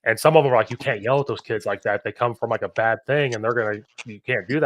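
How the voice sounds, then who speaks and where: A young adult man hosting a casual coaching podcast, telling lively stories and acting out the voices of the people in them. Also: medium pitch, fast, few pauses, no echo. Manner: animated storyteller, acts out quoted voices. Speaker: podcast host and football coach.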